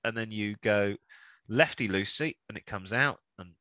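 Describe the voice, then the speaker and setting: A man's voice: lowish voice, fairly even intonation, moderate pace, bright, forceful tone, no echo. A man co-hosting a car podcast in a casual, jokey, rambling chat. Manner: chatty, jokey, rambling with restarts. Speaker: podcast co-host.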